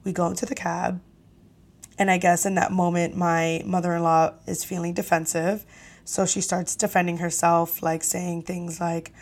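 Young woman, lowish voice, casual podcast storytelling, super animated and exasperated, swears a lot. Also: normal speed. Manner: animated, profane, exasperated retelling. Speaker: podcast host.

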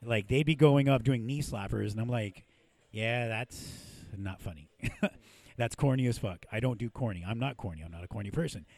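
Brief: male podcast host, gravelly, dry close mic, profane storyteller. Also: mid-range voice, brisk, a little mellow, dry recording. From Mexican-American from San Diego. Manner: profane, storytelling, laughs often. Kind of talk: casual podcast chat. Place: podcast studio.

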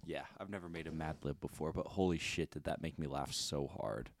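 A man's voice: rumbling low, fairly quick, dry recording. A man co-hosting a casual podcast who swears often and laughs easily. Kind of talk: casual chat.

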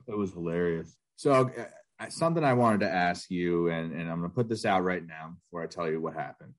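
A man's voice: sits low, fairly quick. A man in his thirties co-hosting a casual podcast, rambling with lots of filler words. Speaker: podcast co-host. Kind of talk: casual chat.

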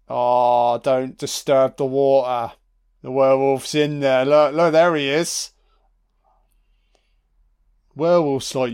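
A man's voice: mid-range voice, fairly even intonation, takes it slowly, pauses often, a little mellow, clear, resonant tone. A man giving a sarcastic, profanity-laced audio commentary while watching a film. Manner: sweary, sarcastic, reacting live.

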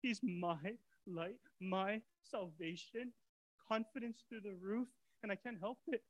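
A man preaching a sermon as pastor in a casual way, swinging from soft, quiet lines to excited shouting. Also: sits high, unhurried, low-quality recording. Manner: casual preacher's talk with fillers and repeats.

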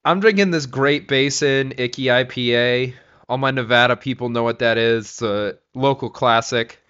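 A man's voice: medium pitch, normal speed, a bit bright, smooth, dull audio. A man co-hosting a podcast in casual chat, teasing and swearing, a bit tipsy from tequila. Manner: profane, teasing banter. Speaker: podcast co-host.

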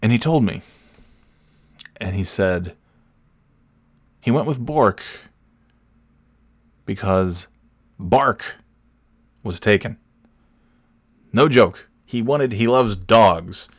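A man hosting a podcast, telling a rambling, self-correcting story in casual chat and jumping up in pitch when he quotes people. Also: lively intonation, very slow, pauses often, no room sound. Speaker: podcast host.

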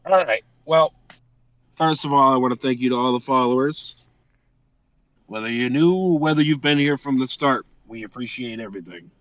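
A man's voice: medium pitch, normal speed, fairly bright tone, no room sound. Man, podcast co-host, casual, swearing, dull lo-fi dry recording. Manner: swears casually, reads off thank-yous. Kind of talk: casual chat.

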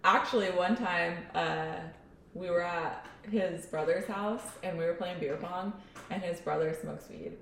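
Young female podcast co-host, chatty and joking, lowish voice, roomy echo with faint hiss. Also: gravelly, distant mic. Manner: chatty, joking, quick to laugh along. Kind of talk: casual chat.

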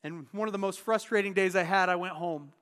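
A man's voice: high-pitched, a little fast, a bit bright, big-room sound. A man in his thirties giving a sermon as pastor, telling personal stories in an earnest, candid way. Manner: earnest, candid storytelling with restarts.

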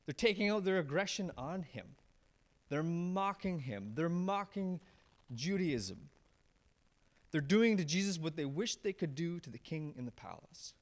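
A man, a pastor, preaching a sermon. He tells the story with feeling, raising his voice on some lines and dropping low and quiet on others. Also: unhurried. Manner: animated storyteller, swings from raised emphatic lines to low hushed ones.

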